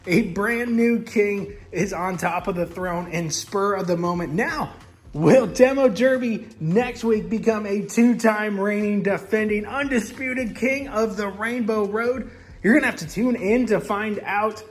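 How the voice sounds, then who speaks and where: A man's voice: high voice, measured pace. A man hosting and commentating toy monster truck races from his home garage, in a hyped, dramatic announcer style. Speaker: host and race commentator. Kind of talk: excited race commentary.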